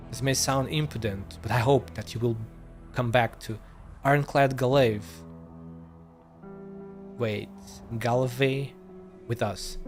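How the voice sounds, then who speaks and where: Man reading game dialogue on stream. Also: medium pitch. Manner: reads lines aloud, stumbles and corrects himself.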